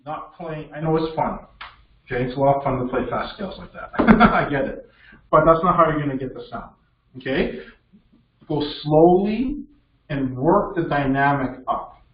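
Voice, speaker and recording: A man teaching piano in a masterclass, encouraging and quick to check in, with a higher, animated voice. He is picked up from across a roomy studio, the sound a little dull. A piano plays faintly behind him. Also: distant mic. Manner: encouraging, checks in with frequent "okay?". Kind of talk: coaching a student at the piano. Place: music studio indoors with a piano.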